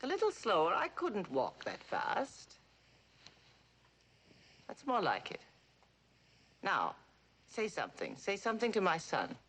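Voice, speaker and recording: Commanding old dowager. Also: female voice, mid-range voice, wildly swooping pitch, a little slow, pauses often, fairly bright tone, breathy edge, full character voice. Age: older. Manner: domineering, cutting, theatrical. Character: imperious, dying wealthy old mother. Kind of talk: 1960s TV drama acting.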